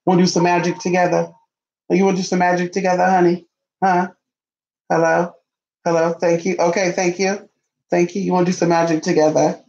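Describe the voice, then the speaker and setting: A man's voice: high-pitched, little pitch movement, a little fast, gravelly, long pauses, a little mellow. A man in casual vlog talk, playful and sassy, cooing baby talk at his dog between remarks to viewers. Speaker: vlogger. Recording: dull lo-fi sound.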